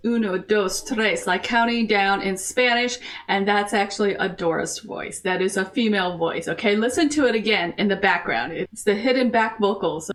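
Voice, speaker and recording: Gushing American woman reacting to a video. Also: medium pitch. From United States. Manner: gushing, chatty, quick asides and giggles. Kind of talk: casual reaction commentary. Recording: distant mic with faint music behind.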